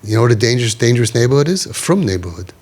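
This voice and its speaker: A man's voice: medium pitch, very animated, rapid-fire, darkish tone, slightly rough. A middle-aged man leading a parents' group, talking emphatically and repeating himself, with Yiddish and Hebrew words mixed in. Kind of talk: animated talk to a parents' group.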